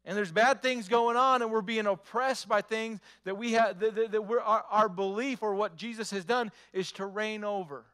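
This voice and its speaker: A man's voice: high-pitched, fairly even intonation, moderate pace, hardly any pauses, fairly bright tone, clean tone. A male pastor preaching a sermon, emphatic, repeating phrases and asking the congregation rhetorical questions.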